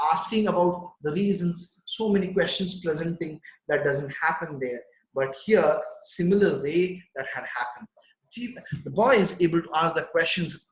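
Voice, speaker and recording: A man teaching, reading a story line by line and explaining it in simple English, with an animated delivery. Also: fairly high pitch, echoey room, rough recording. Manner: animated, reads text aloud then explains in simple English. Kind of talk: line-by-line literature lesson.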